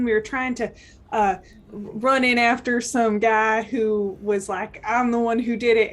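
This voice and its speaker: A woman playing a tabletop game, talking hesitantly in restarts. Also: on the high side. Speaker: player. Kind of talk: tabletop role-play chat.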